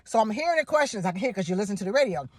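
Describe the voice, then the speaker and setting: A woman excitedly telling a personal story to camera, gushing and repeating phrases for emphasis. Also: mid-range voice, rapid-fire, no echo.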